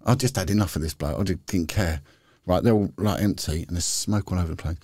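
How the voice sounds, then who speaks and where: A deep, mellow male voice talks fast, captured in a dry, clean studio recording. The speaker is a middle-aged podcast guest and former police detective, rambling candidly through casual anecdotes and restarting often.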